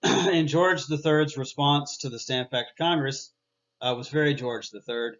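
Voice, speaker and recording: A man's voice: fairly high pitch, measured pace, fairly bright tone. Casual man giving a history lecture. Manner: conversational, many "uh" fillers and restarts. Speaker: history teacher. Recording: dull lo-fi recording.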